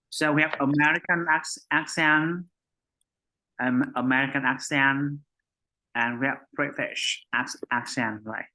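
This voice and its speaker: A man with a Vietnamese accent leads an English lesson in a bright, clear voice. He talks slowly and repeats words over and over, tagging "right?" onto nearly every phrase. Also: mid-range voice, low-quality recording. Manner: slow, repetitive, adds "right?" after most phrases. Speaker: English teacher. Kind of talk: online conversation lesson.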